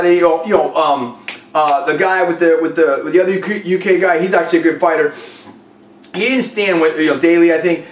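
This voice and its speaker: A high, thin-voiced man rants excitedly about a fight, rambling and trash-talking as he hosts his own video blog. He sits well back from the mic in an echoey room. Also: distant mic. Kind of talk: casual fight commentary rant.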